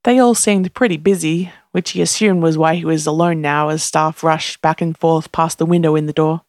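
A woman narrating a story in a steady, even reading voice. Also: low voice, moderate pace, no room sound, studio quality. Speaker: reader. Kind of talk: audiobook narration.

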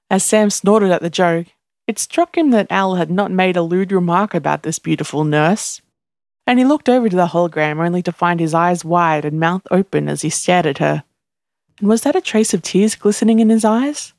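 A woman narrating a story in a steady, even reading voice. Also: on the low side, moderate pace, no echo, studio quality. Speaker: reader. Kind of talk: audiobook narration.

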